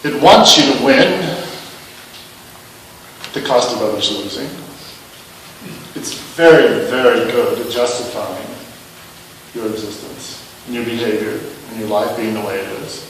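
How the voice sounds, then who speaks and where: A man preaches in a relaxed, self-mocking way, pressing the listeners with rhetorical questions. His voice sits in the middle range and rings through a large, echoing church hall. He stands some way from the microphone, with a faint hiss behind him. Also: mid-range voice, a little slow, long pauses. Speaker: minister. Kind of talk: sermon. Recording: echoey hall, mic at a distance.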